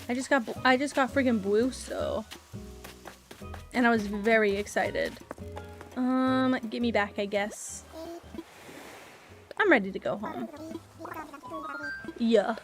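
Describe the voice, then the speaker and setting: A woman streaming a video game, chatting casually and rambling to her viewers. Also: fairly high pitch. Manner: chatty, rambling, talks to chat. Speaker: live streamer. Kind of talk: casual live-stream chat while gaming.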